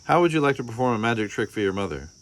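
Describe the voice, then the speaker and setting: A man's voice: medium pitch, very animated, racing, pitched above the performer's own voice, lightly acted. Man voicing a cheerful coaxing mother anteater. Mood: playful. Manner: coaxing, sing-song, emphatic. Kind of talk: storybook read-aloud.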